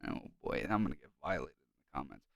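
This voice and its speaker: A man co-hosting a podcast in casual chat, ranting and swearing freely and getting loud when worked up. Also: a bass voice, very animated, fast talker, gravelly, no echo, clean studio sound. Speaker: podcast co-host.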